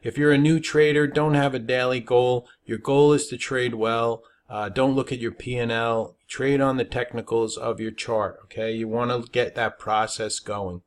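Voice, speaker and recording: A man's voice: mid-range voice, steady tone, moderate pace, few pauses. Guy running a trading webinar, punchy and emphatic, keeps asking all right?. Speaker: stock trading educator. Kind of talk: webinar presentation.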